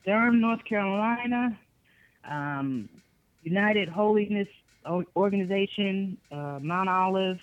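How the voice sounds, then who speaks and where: A Boston, Massachusetts author being interviewed speaks at medium pitch and a slightly slow pace, on a lo-fi recording with no room sound. She talks casually and animatedly in bursts, laughing often.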